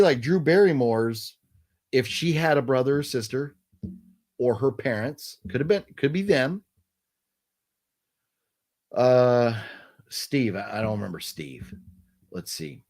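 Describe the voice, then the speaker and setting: A man's voice: mid-range voice, darkish tone. A man hosting a casual late-night live stream, thinking aloud in a rambling way with many restarts.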